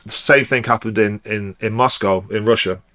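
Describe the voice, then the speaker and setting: A man, a DJ guest telling a personal story in a rambling, halting way, full of restarts. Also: fairly low pitch, fairly even intonation, a bit bright. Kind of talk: casual storytelling.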